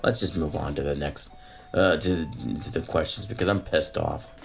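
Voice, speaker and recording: A man's voice: extremely low pitch, normal speed, creaky, voice pushed down. A man in a played clip, acting as a self-important young online "captain" who lectures and complains. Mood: pompous. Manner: pompous, stiff, lecturing, complaining of being pissed off. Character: self-serious young male online "captain" of a chat platoon, touchy and easily angered.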